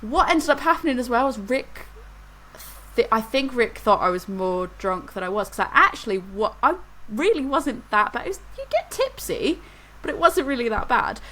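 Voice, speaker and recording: A woman's voice: a little high, big pitch swings, normal speed, fairly bright tone, rough recording. A woman, co-hosting a podcast and telling a rambling story in casual chat. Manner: rambling storyteller, laughs through anecdotes. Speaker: podcast co-host.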